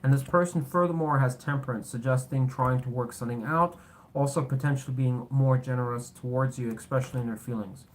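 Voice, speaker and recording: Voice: medium pitch, a little fast. Host of a casual tarot vlog: blunt, sarcastic, rambling, swears freely, over a faint background hiss. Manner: rambling, self-correcting talk. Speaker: tarot reader. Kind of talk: casual tarot reading to camera.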